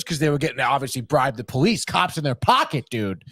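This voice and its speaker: A man hosting a podcast, giving a rambling, profane, animated recap of a TV episode and dropping into quick impressions. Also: mid-range voice, no echo, studio quality. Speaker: podcast host. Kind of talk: casual recap chat.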